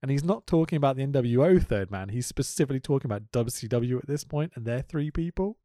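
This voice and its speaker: A man co-hosting a chatty podcast, his pitch leaping around as he gets animated and breaks into laughter. He swears casually and keeps things loose. The sound is close and dry, with no room around it. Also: fast, no room sound. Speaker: podcast co-host. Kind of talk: casual chat.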